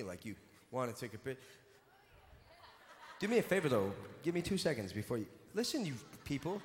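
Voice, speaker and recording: A man's voice: a little high, sing-song, fast, fairly bright tone, a little hiss or hum. A man on stage teasing a live audience in a playful, mock-indignant way. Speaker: comedic performer on stage. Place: large venue on stage. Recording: echoey hall, live room ambience.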